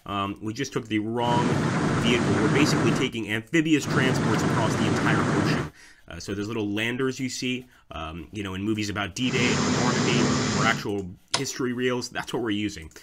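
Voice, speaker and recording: Over heavy background noise, a man narrates a strategy game casually, musing aloud about each move and addressing viewers as guys. He's a let's play host with a fairly low, brisk voice.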